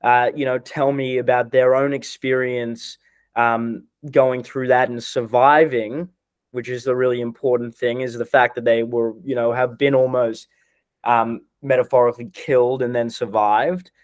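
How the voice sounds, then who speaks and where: The speaker is a young man in his twenties being coached on a podcast, hesitating and restarting as he explains a personal difficulty. His delivery is flat and medium-pitched at a normal pace, recorded with no room sound.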